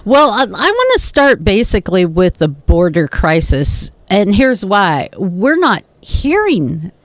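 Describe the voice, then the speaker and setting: A woman hosting a news podcast, telling stories in an animated, casual way. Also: medium pitch, slow, no room sound. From Seattle area. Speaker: podcast host.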